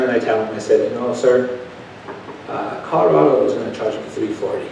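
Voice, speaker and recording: A male preacher telling a testimony in an animated storytelling manner, swinging from hushed to loud. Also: moderate pace, vocal fry. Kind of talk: sermon testimony. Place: church. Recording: echoey church from a distant mic with background rumble.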